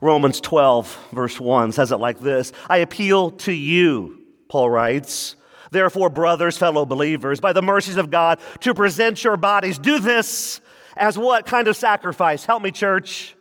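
A male pastor delivers a lively sermon, jumping into quick mock voices and joking asides. His voice sits rather high for a man. The sound carries a long reverb, like a big hall.

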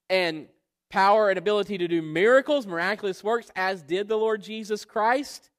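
A man's voice: high-pitched, fairly bright tone. A man preaching an expository Bible sermon, emphatic, asking rhetorical questions and drawing out key words. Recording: long reverb of a hall.

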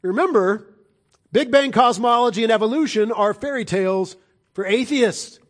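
A middle-aged man delivers a sermon in a notably high voice. He is emphatic and insistent, swinging from ringing declarations down to quiet, low, earnest lines. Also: moderate pace. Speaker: preacher.

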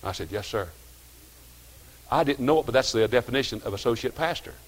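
Folksy older preacher. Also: male voice, mid-range voice, expressive, brisk. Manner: folksy storytelling preacher, swings from quiet asides to loud exhortation. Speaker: pastor. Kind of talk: sermon.

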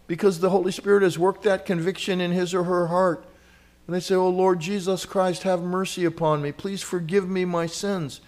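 A man delivers a sermon with a somewhat high-pitched voice, earnest and conversational. He swings from ringing exclamations down to hushed, close retellings, dropping in casual asides and small chuckles along the way. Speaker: preacher.

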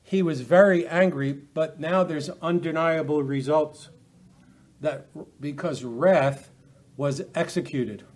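A man's voice: a little high, slow, darkish tone. A man teaching a Bible study lecture, earnest and emphatic, often restarting his phrases.

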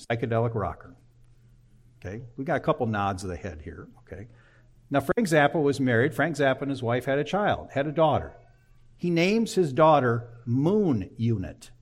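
A man's voice: mid-range voice, very animated, moderate pace. An older man preaching a sermon in a folksy, conversational way, often checking in with "okay.". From Michigan. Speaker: pastor.

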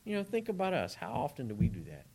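Animated, lively male preacher. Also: mid-range voice, fast talker, vocal fry, husky. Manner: conversational, animated preaching with asides to the congregation. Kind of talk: sermon.

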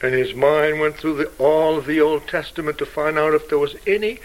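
A man's voice: fairly even intonation, a little fast, low-quality recording. An older man preaching a fervent, emotional sermon, quoting scripture in old-fashioned wording. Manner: fervent, emotional preaching with wide swings in pitch and loudness.

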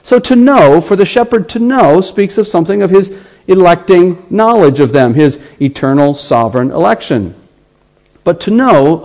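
An American man delivers a sermon in an earnest voice that sits a little higher than most men's. He slows right down to let quoted scripture land, then presses on through his explanation. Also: darkish tone, poor audio. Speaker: pastor.

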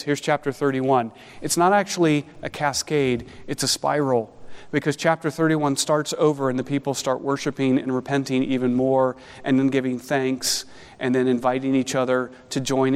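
A man preaching an expository sermon as pastor, animated and conversational with wry asides. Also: medium pitch, moderate pace, clear, resonant tone, long reverb tail.

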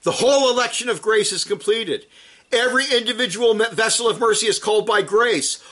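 A man preaches a brisk sermon, teaching from scripture with emphasis, rising to forceful peaks before dropping low and quiet.

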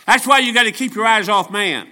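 Bright-voiced seventy-year-old male preacher. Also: high-pitched, fairly quick. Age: 70s. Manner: folksy, joking, emphatic preaching. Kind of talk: storytelling sermon.

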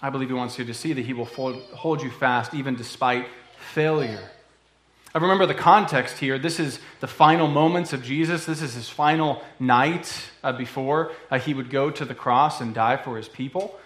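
A man preaching a sermon in an earnest, conversational way, often pausing with fillers. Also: medium pitch, a bit bright, echoey room. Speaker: pastor.

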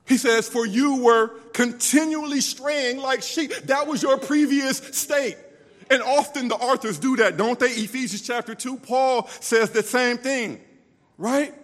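A man preaching a sermon with passion, moving between loud cries and hushed, quiet stretches. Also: very high voice, unhurried. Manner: impassioned, swings from loud cries to hushed tones. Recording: long hall reverb.

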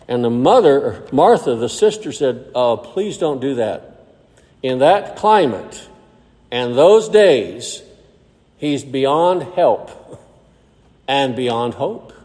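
A man preaching a sermon. He reads scripture aloud in old-fashioned wording and then explains it in plain, conversational terms, slowing down for emphasis. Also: high-pitched, mellow, in a large hall.

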